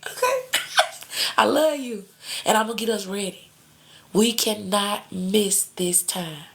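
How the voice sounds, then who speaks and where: A woman in hosts a live tarot reading, chatting warmly with her viewers. Her voice at middle pitch carries a gravelly fry. She calls everyone cousin and baby. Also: very animated, takes it slowly. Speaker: tarot reader on a live stream. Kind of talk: casual live-stream chat.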